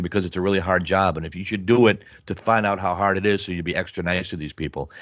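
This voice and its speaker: A man in his fifties with a lowish voice tells blunt, rambling stories as a comedian guest. The sound is dry and close, with a dull, muffled tone. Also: dry recording. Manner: rambling, blunt, animated storyteller. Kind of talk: casual storytelling interview.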